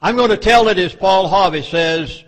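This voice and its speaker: A man's voice: sits high, normal speed. A man with a Southern US accent giving an emphatic speech to a live audience, with dramatic warnings. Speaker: public speaker.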